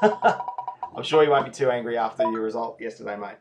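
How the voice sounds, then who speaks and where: A man's voice: mid-range voice, moderate pace, over music. A man hosting a live raffle draw, chatty and laid-back, reading out names and often apologising to players. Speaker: raffle host. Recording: noisy home recording.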